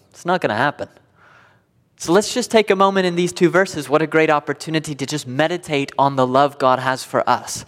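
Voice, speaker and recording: A man preaching a sermon as pastor, swinging between loud emphatic declarations and quiet hushed passages. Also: on the high side. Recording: long hall reverb.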